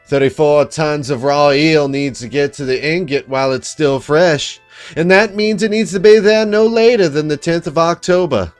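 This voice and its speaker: A man's voice: a little high, moderate pace, faint music behind, lightly acted. A man doing a folksy southern fishman captain. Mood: friendly. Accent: American Southern (put on). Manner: easygoing, chatty advice-giving.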